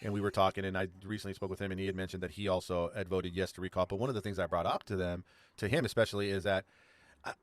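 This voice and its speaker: A middle-aged man from California talks politics as a podcast co-host, his voice sitting low. He rambles and restarts sentences as he thinks aloud. The sound is dry and close, with no room around it. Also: fairly even intonation, rapid-fire, no room sound. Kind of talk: casual political discussion.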